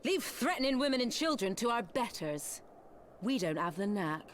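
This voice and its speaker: A woman's voice: a little high, very animated, moderate pace, a little hiss or hum. An actress voicing a tough, street-wise woman leader in a video game cutscene, speaking in a dry, sardonic, commanding way.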